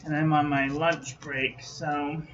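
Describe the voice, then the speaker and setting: A man's voice: a little high, level tone, slow, fairly bright tone, lo-fi sound, a little hiss or hum. A man hosting a casual product review vlog from his own room at home, chatty and reading product details aloud in clipped lists. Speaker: host.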